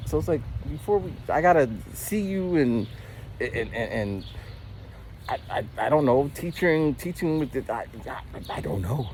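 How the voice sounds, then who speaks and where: A man's voice: fairly high pitch, very animated, normal speed, darkish tone, a little hiss or hum. A man in his forties casually telling a story while walking outdoors, rambling and stammering through frequent restarts. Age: 40s. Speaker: vlogger.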